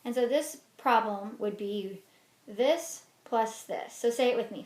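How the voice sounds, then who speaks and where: Brief: female teacher, storytime read-aloud and lesson, higher voice, roomy echo. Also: a little slow. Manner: expressive storybook reading with lively swings. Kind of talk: reading a children's book aloud and giving a lesson. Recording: roomy echo with faint noise.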